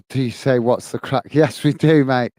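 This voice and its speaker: A man with a Northern Irish accent hosting a football watch-along stream, giving steady play-by-play and chatting in a friendly way as he reads viewer comments. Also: mid-range voice, a little slow, dry recording. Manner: friendly and chatty, often says "mate" while reading viewer comments. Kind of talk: live play-by-play commentary with chat.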